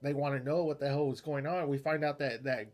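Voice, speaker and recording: A man's voice: fairly high pitch, fairly even intonation, brisk, a little mellow. A man co-hosting a podcast, chatting casually, laughing often and swearing as he rambles. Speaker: podcast co-host. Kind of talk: casual chat.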